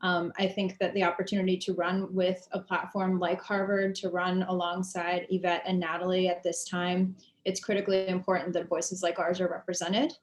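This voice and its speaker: Heartfelt chatty woman on a video call, pretty flat delivery, roomy echo. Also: lowish voice, normal speed, few pauses. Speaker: board candidate. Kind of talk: casual virtual-event speech. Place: office at a campus cultural center. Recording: echoey room over video call.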